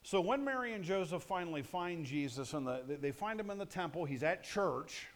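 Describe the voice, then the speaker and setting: A man's voice: on the high side, lively intonation, a little fast. A male pastor preaching a sermon in a conversational, punchy way, often asking the audience questions.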